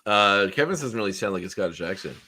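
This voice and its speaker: Low-voiced, rambling male podcaster. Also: animated, fast, sharp tone. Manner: rambling recap with many fillers. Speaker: podcast co-host. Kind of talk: casual chat.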